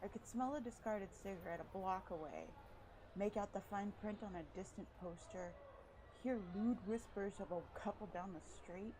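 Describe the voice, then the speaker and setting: Woman gamer narrating a visual novel, mid pitch, cheeky casual asides, light background hiss. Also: moderate pace. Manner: breezy, swears casually in jokey side comments. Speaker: let's play gamer. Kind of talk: reading a visual novel aloud with playful asides.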